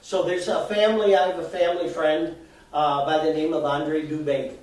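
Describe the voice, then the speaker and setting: A man with a fairly high voice gives a live, chatty talk to an audience, explaining things with everyday examples and laughing at himself now and then. He sounds far from the mic in a very echoey hall. A faint noise sits under the recording. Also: level tone, normal speed, a little mellow. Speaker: presenter. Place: arts center event room, indoors.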